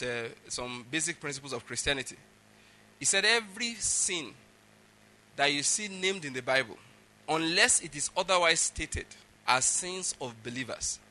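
A man's voice: on the high side, sharp tone. A middle-aged man preaching a sermon, emphatic and often checking that his listeners follow. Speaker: pastor.

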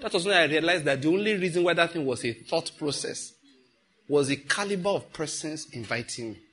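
A man's voice: on the high side, expressive, fairly quick, fairly bright tone. A middle-aged Nigerian man, a pastor preaching a sermon in a conversational way with pidgin asides.

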